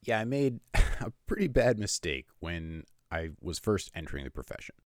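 A man, a medical illustrator, telling a personal story in a relaxed, conversational way with lots of "you know" fillers. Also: low voice, moderate pace, no room sound, studio quality.

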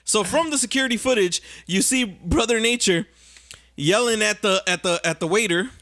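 A young man tells a story with heavy slang and plenty of profanity. His voice sits high and bright, and he talks in an animated, storytelling way. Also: moderate pace. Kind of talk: casual chat.

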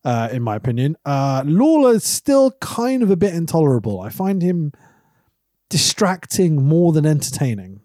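Brit male podcast co-host, very animated delivery, dead dry recording. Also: normal speed, dry recording. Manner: animated, breaks into high laughs and shouted impressions. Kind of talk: casual chat.

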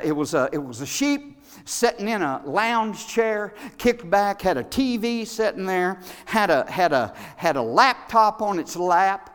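Folksy male preacher with a high voice, storytelling that swells into shouting, in a reverberant church. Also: smooth. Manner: builds from quiet storytelling to shouted fervor; folksy, repeats words. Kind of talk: sermon. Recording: long hall reverb.

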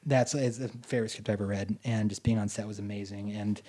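A man telling a long story in casual chat, rambling and animated, with many fillers. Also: fairly low pitch, fast, slightly rough. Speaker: guest, film associate producer.

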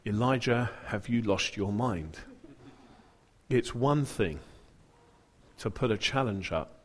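A man's voice: fairly low pitch, animated, slow pace, long reverb tail. A man preaching a sermon, retelling a story with dramatic, humorous flair.

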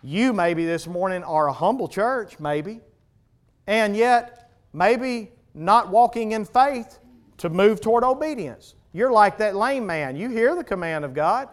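A man preaching a sermon, swinging between loud emphatic peaks and hushed low passages. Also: lively intonation, unhurried. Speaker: pastor.

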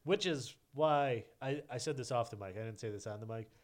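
A man's voice: mid-range voice, brisk. A man co-hosting a podcast in casual chat, laughing often and rambling as he corrects himself. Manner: giggly, rambling, self-correcting. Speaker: podcast co-host.

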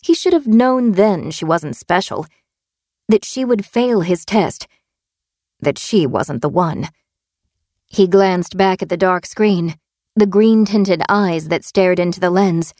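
A woman reads a suspense audiobook in a steady, tense narrating voice. Her voice sits on the low side. The sound is close and dry, with no room around it. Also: slow pace, dry recording.

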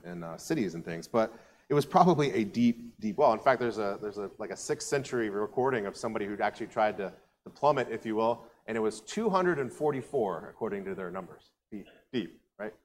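A man's voice: lowish voice, lively intonation, quick pace, long reverb tail, slight background noise. Conversational man preaching. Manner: conversational storytelling with voiced asides. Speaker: pastor. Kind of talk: sermon.

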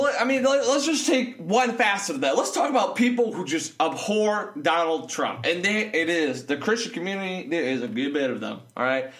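A man's voice: high-pitched, a bit bright. A man ranting in a casual vlog, sarcastic and mocking, rambling with many restarts. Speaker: vlogger. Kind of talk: casual opinion rant. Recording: echoey room.

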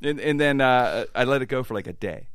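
A man's voice: medium pitch, lively intonation, brisk, fairly bright tone. A man hosting a casual chat, telling a story and laughing while he acts out voices.

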